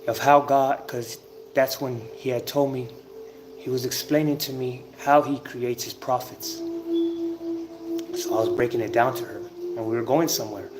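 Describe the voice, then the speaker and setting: A man giving an informal spiritual talk, telling a story emphatically, with drawn-out pauses and the odd curse word. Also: mid-range voice. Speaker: self-styled spiritual teacher. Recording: noisy ambient background.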